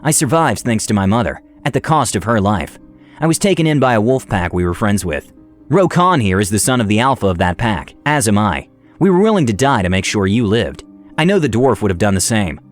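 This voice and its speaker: A man speaking as a gentle, protective male druid ranger who consoles a child. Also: fairly low pitch, big pitch swings, fairly quick, faint music behind.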